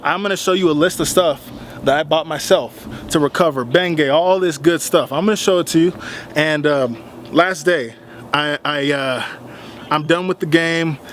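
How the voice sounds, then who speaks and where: A young man tells a story straight to his audience in a casual vlog, talking in a slightly high voice. He gets animated as he retells the argument, and the heat builds as he goes. A faint hiss sits behind him. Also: normal speed. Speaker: vlogger.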